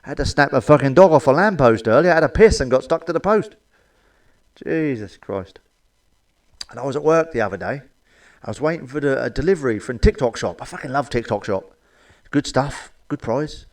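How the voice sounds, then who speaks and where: A man's voice: mid-range voice, lively intonation, brisk. Man telling crude jokes. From England. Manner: crude, swearing, laughs at his own jokes. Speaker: comedian. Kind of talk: stand-up joke telling to camera.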